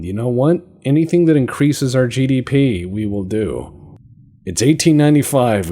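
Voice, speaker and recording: Deep gravelly man joking over gameplay. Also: mellow. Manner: joking, sarcastic, swears casually. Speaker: gaming channel host. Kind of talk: casual gameplay commentary.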